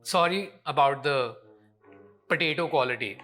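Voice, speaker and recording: Indian male comic host, young, bright ringing voice, sarcastic ranter with big swings in pitch. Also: expressive, moderate pace, soft background music. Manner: exasperated, sarcastic ranting. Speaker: comedian and show host. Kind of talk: scripted comedy commentary rant.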